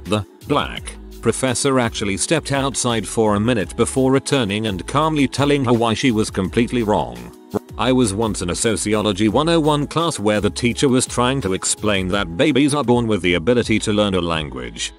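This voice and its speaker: A man narrating online stories in a scripted, storytelling delivery. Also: lowish voice.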